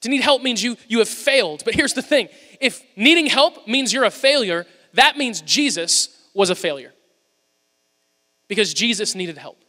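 A man's voice: sits high, expressive, normal speed, sharp tone. A male pastor giving a sermon in a church, talking in a conversational, humorous storytelling way. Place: church sanctuary. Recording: long reverb of a large church hall.

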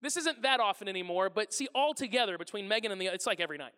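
A man in his thirties, a pastor telling funny stories about his family in a sermon, animated and self-deprecating, acting out his household's voices. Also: high-pitched, very fast, clean tone, in a large hall. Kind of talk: humorous sermon storytelling. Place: large church hall before a congregation.

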